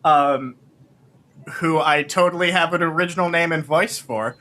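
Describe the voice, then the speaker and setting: Bright, laughing male game master. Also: fairly high pitch. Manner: laughing, halting, self-mocking. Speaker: dungeon master. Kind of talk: running a tabletop game over voice chat.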